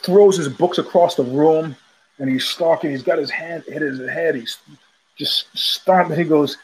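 In an unhurried, husky voice on the high side, a podcast host from New York wanders through a casual monologue, chasing tangents and restarting often. The recording sounds rough.

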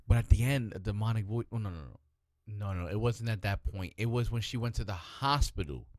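Casual podcast co-host, male, animated and swearing freely, dry close-mic sound. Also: fairly low pitch, no echo. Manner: animated, profane, restless, quick to interrupt. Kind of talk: casual chat.

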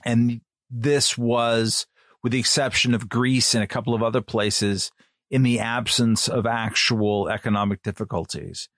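A man's voice: medium pitch, fairly even intonation, unhurried, fairly bright tone, dry recording, studio quality. A man giving rambling, filler-heavy commentary on a podcast panel. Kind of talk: casual chat.

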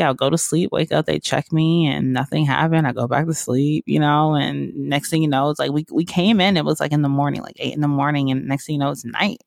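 A woman's voice: deep voice, creaky, a little mellow, no echo, clean studio sound. A woman from the American South, a podcast host, telling her own story in a rambling, casual way with lots of fillers and frequent laughs.

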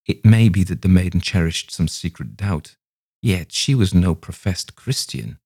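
A man voicing a grave, gentle old rabbi who speaks slowly, with old-fashioned phrasing. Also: low-pitched, expressive, gravelly, slightly rough, no room sound, clean studio sound, exaggerated voice. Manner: measured, compassionate, archaic phrasing.

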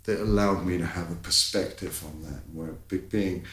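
A man from tells his story as a guest, his voice low and a little deep at rest but jumping up high when the story turns tense. He talks candidly, peppered with fillers and the odd curse. The sound is roomy and echoing. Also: steady tone, normal speed, a bit bright, a little hiss or hum. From London, England.

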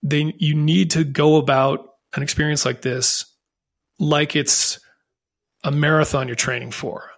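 Man, podcast guest, gravelly edge, slightly high voice, earnest, reflective, candid storytelling. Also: little pitch movement, unhurried, a bit bright. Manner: earnest, reflective, with frequent restarts.

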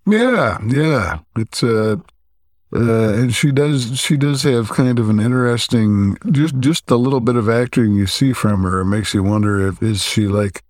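A man co-hosting a podcast, recapping a story's plot in a relaxed, halting way with frequent pauses. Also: mid-range voice, no echo, clean studio sound. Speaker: podcast co-host.

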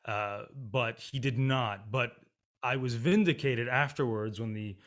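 Guy singer talking opera stuff, candid and animated, laughs a lot. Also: medium pitch, a little slow. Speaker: opera singer and music writer, guest. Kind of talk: casual interview conversation.

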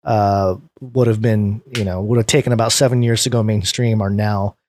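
A man's voice: on the low side, fairly even intonation, moderate pace, a little mellow, slight background noise. An American man hosting a podcast, chatting loosely with many fillers and restarts, then reading a news story aloud. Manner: rambling, lots of fillers and restarts. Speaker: podcast host.

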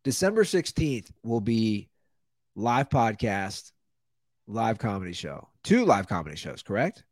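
A man's voice: fairly low pitch, very animated, measured pace, no echo. A male comedian hosting a podcast, telling stories casually with stammering restarts. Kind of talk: casual chat.

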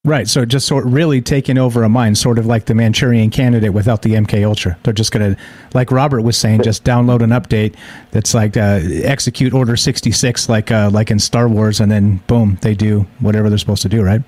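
A man's voice: lowish voice, steady tone, a little mellow, dry recording. Easygoing man hosting late-night call-in radio. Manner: easygoing, quick banter with callers. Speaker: radio call-in show host.

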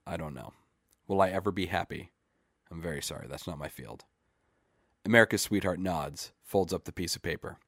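A man reading a short story aloud in a measured, deadpan way. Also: deep voice, no room sound, clean studio sound. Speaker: story reader.

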